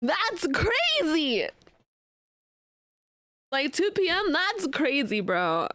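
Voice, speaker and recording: A young woman streamer chats casually with her viewers, playful and prone to mock outrage. Her voice sits high, and the sound is dry and close, with no room echo. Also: wildly swooping pitch, extremely slow, bright, forceful tone. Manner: chatty and playful, with bursts of laughter and mock outrage; many fillers and restarts. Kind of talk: casual chat reacting to live chat.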